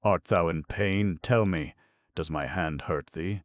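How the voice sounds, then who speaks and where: A man's voice: deep voice, a little slow, no room sound, studio quality. A man reading an audiobook, voicing an anguished, fatherly master sculptor who tends a wounded apprentice with fervent grief.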